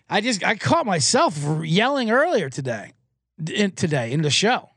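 A man hosting a sports betting podcast alone in a small booth, ranting in a rambling, excitable, profane way. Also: high voice, normal speed, no echo. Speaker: podcast host and sports bettor. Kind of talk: casual sports betting rant.

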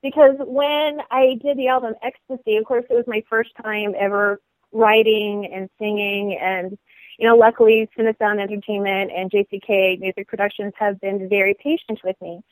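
A woman's voice: medium pitch, steady tone, moderate pace, dry recording, poor audio. Bubbly woman with a dry sound. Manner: bubbly, laughs often. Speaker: guest, actress and model. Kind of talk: casual interview chat.

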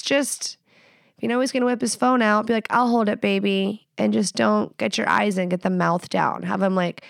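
A woman's voice: fairly low pitch, vocal fry, clear, resonant tone, dry recording, clean studio sound. Blunt, profane woman podcast host. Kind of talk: casual sex advice podcast.

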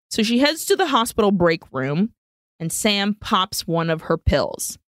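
Woman, podcast co-host, casual movie recap, swears freely, mixes in Spanish, mid pitch, dry close sound. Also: unhurried, dry recording. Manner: profane, animated retelling with Spanish phrases mixed in.

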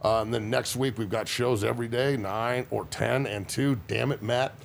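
A man's voice: medium pitch, fairly even intonation, moderate pace, vocal fry, a little hiss or hum. A man and former football player chatting on a podcast as a guest, telling rowdy, profane stories. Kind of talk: casual podcast chat.

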